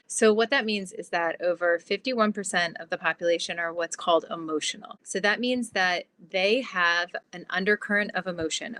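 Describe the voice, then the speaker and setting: Woman guest on a podcast, kinda low voice, explains stuff fast and chatty, says like a lot. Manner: animated, explanatory, fillers like "like". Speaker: guest, transformation guide. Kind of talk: casual interview explaining.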